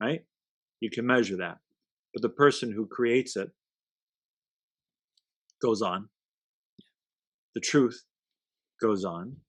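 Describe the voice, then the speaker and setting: A man's voice: fairly low pitch, slow, long pauses, slightly rough, no echo. A man, a guest in a conversation, talking reflectively in a playful, emphatic way and dropping short aphorisms.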